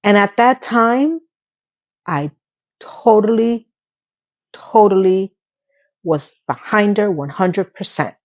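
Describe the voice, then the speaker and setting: A woman's voice: mid-range voice, slow pace, pauses often. A chatty woman talks through a series episode, acting out the quoted lines as she goes. Her voice sits in a middle range. The recording is a little dull and lo-fi. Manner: chatty and animated, retelling scenes with quoted lines. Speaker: recap vlogger. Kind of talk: casual episode recap.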